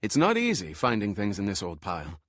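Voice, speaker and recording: A male narrator voicing a small, elfin man in his fifties with a high, whistling voice and a wry manner. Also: huge pitch swings, brisk, no room sound, studio quality.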